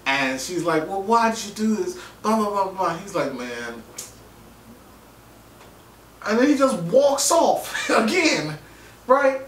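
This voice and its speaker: Man, casual recap, joking, swears, acts out quotes, slightly high voice, roomy distant sound. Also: lively intonation, measured pace, fairly bright tone, a little hiss or hum. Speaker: vlogger reviewing a TV episode. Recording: roomy, distant mic, faint ambience.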